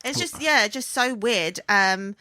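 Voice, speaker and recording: A woman's voice: on the high side, expressive, takes it slowly, bright, forceful tone, dry recording, studio quality. Blunt, chatty woman. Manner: chatty, blunt, swears casually. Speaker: podcast co-host. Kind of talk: casual chat.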